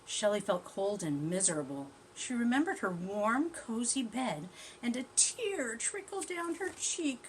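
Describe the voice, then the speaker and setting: A woman teacher reading a storybook aloud to young children, gently chatty and asking them questions as she goes. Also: fairly high pitch, lively intonation, unhurried, a little hiss or hum.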